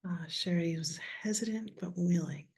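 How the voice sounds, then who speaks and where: A woman with a raspy voice leading a guided voice workshop on a live video call, speaking softly and often slipping into whispers. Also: lowish voice, normal speed. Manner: soft, drifting into whispers while guiding. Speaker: workshop leader.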